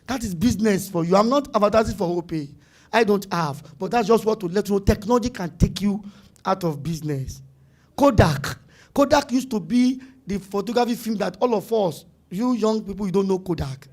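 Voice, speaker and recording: Speaking to business owners at a summit, this middle-aged man with a Nigerian accent delivers a lively conference talk a little fast in a high voice. His style is emphatic and repetitive, with occasional slips into pidgin.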